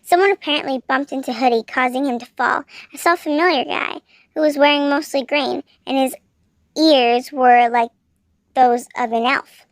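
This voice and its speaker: A woman's voice: sits high, normal speed, no echo. A woman reading a fanfiction story aloud in plain storybook narration. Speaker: fanfiction reader.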